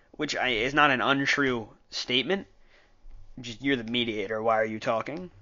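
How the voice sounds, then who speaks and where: A man's voice: mid-range voice, fairly bright tone, muffled recording. A man giving a casual, opinionated recap of a political debate, rambling and often correcting himself mid-sentence. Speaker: political commentator.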